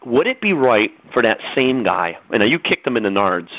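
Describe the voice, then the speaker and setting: A man's voice: medium pitch, big pitch swings, moderate pace, a bit bright, no room sound, poor audio. A middle-aged man, a guest on a radio talk show, lecturing in a preachy, insistent way.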